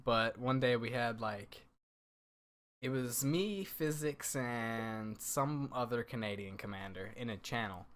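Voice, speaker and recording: A man's voice: mid-range voice, slow, a bit bright. American guy hosting a chill round-table, keeps laughing, rambles on. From United States. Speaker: podcast host. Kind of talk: casual chat.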